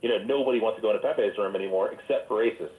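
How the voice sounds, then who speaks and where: A man's voice: on the low side, very fast. A profane, argumentative man rambles on in a heated online voice chat. His voice comes through thin and phone-like, with a roomy echo around it.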